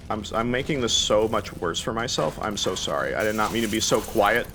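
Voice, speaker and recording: A young gaming YouTuber gives live gameplay commentary while playing a video game, rambling, panicking and talking to himself with nervous laughs. His lowish voice is sharp in tone, fairly quick and lively in intonation, with slight background noise.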